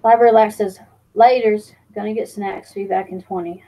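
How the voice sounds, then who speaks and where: A woman's voice: medium pitch, steady tone, moderate pace, warm tone, poor audio. Joking woman streamer chatting live. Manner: teasing, jokey, reads chat aloud; fillers and restarts. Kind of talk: casual live-stream chat.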